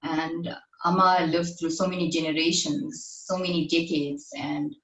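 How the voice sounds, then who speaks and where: A woman hosting a live-stream interview, speaking gently and explaining to the audience. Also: deep voice, fairly even intonation, unhurried. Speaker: podcast host. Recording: echoey sound, distant from the mic.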